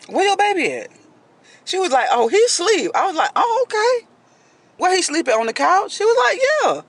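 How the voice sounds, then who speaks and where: A man's voice: very high voice, bright, forceful tone. A man, telling a dramatic story in casual storytime style and acting out quoted voices.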